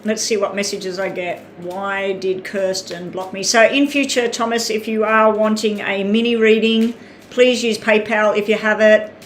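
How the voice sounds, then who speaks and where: A woman's voice: medium pitch, steady tone, normal speed. Chatty Australian woman live-streaming. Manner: chatty, reads out names, talks while eating. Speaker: tarot reader. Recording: echoey room with faint ambient noise.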